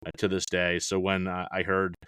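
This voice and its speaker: A man's voice: deep voice, completely flat delivery, moderate pace, sharp tone, smooth, no echo. A middle-aged man chatting casually as a podcast guest, rambling with many "you know"s and restarts. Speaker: podcast guest, fantasy baseball analyst.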